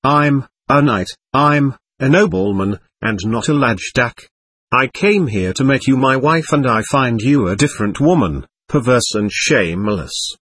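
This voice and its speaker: A husky-voiced man reading the lines of a proud, touchy nobleman who speaks pompously in an audiobook. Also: mid-range voice, lively intonation, unhurried, a bit bright. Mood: indignant. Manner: pompous, offended dignity.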